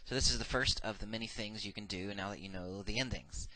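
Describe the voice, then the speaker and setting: A man's voice: fairly low pitch, fast, sharp tone, no echo. A man giving a recorded grammar lecture, methodical and patient, saying each form twice with frequent "uh" fillers. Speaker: Hebrew grammar teacher.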